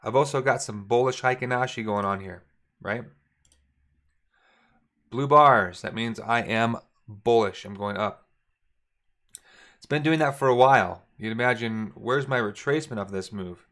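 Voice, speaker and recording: Coaching viewers through forex charts over a screen share, a man stays relaxed, thinks aloud, and regularly corrects himself mid-sentence. He speaks at a medium pitch and normal speed.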